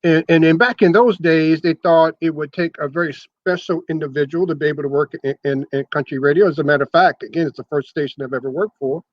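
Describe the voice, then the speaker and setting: An older man, once a radio sales manager, is the guest in a conversational interview about his long radio career. He talks fast with few pauses in a fairly high voice, explaining at length and often repeating words as he restarts. The recording has no room sound and the highs are cut off.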